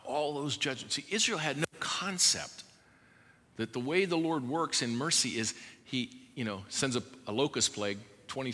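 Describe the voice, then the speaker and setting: A man's voice: mid-range voice, a bit bright. A man preaching a sermon as pastor, pleading with his congregation with urgent repetitions. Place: church service before a congregation. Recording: long hall reverb.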